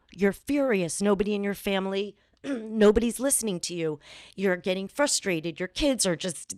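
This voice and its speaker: A woman's voice: mid-range voice, a little mellow, dry recording, clean studio sound. A woman hosting a podcast, giving an earnest motivational monologue straight to her listeners and repeating phrases for emphasis. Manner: speaks straight to listeners, encouraging. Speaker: podcast host.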